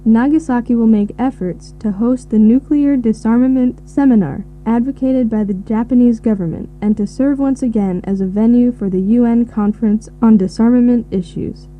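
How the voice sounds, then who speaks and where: A woman reading a formal declaration on peace in a steady, declarative way. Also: a little high, moderate pace, hardly any pauses. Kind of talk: read-out speech. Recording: tinny phone-like recording with hum.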